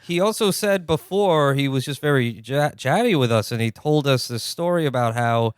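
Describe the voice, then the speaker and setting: A man co-hosting a podcast in casual comedic chat, dropping deadpan quips. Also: mid-range voice, normal speed, smooth, no echo, clean studio sound. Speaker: podcast co-host.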